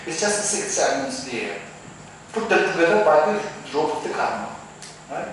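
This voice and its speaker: A man's voice: on the high side, sing-song, normal speed, distant mic. A male Buddhist teacher explaining philosophy at a retreat, checking in often with "right?" and restarting his phrases. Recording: echoey hall recording from afar, some hiss.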